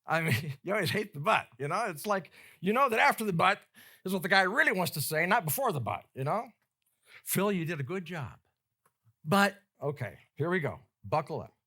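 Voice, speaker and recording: Bright-voiced, high-pitched male pastor preaching. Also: very animated, brisk, breathy edge. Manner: conversational, emphatic preaching with quoted asides. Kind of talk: sermon.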